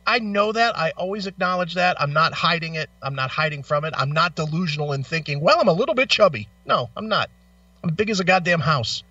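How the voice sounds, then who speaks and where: Profane, animated man with a bright edge. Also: fairly high pitch, brisk, dry recording. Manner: animated, swearing storyteller. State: in back pain. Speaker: radio show co-host. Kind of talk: profane casual chat. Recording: distant, dull lo-fi mic.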